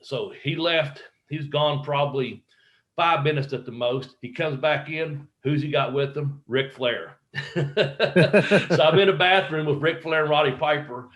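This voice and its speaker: A man's voice: on the high side, unhurried, a bit bright. A middle-aged man, a wrestler guesting on a podcast, telling rambling, profane anecdotes and acting out the quotes. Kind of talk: casual storytelling interview.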